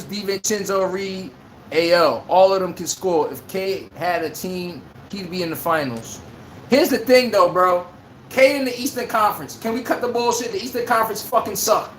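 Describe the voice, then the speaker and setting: Male livestream sports host, loud and profane, speech, echoey room, faint background noise. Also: high voice, moderate pace. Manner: animated, profane, trash-talking. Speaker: podcast host. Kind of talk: casual sports commentary livestream.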